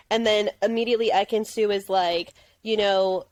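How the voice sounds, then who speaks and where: A woman's voice: mid-range voice, normal speed, few pauses. A woman co-hosting a podcast, chatting casually and playfully, retelling scenes with animation. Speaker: podcast co-host. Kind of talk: casual chat.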